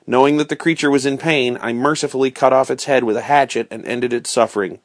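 A man reading a storybook aloud in a steady, expressive storytelling manner. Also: medium pitch, fast, dry recording, studio quality. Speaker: reader.

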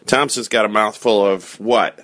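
A woman's voice: extremely low pitch, steady tone, normal speed, a bit bright. A woman playfully hosting a mock morning radio show with a child, coaxing and teacherly.

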